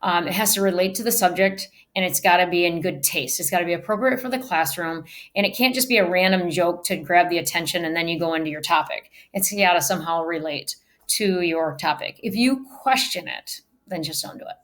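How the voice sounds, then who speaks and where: A woman's voice: on the low side, fairly quick, fairly bright tone. A woman teacher giving a recorded virtual lecture on public speaking, emphatic and shifting her delivery to show how things should be said. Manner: emphatic, varies delivery to demonstrate. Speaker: speech teacher.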